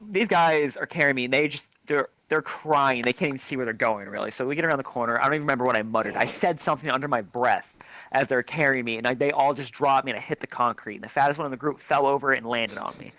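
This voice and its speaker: A man telling a crude comic story in an animated, expressive way, through a headset mic. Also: mid-range voice, no echo. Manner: crude, animated, shrieks quoted lines. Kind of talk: comic anecdote told to a crowd. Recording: dry, dull lo-fi mic.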